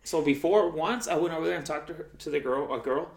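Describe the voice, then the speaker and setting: A man's voice: on the high side, fast talker, creaky. A young man, telling stories in casual chat, acting out other people's voices and swearing freely. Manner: animated storyteller who acts out quoted voices; profane and slangy. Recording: roomy echo.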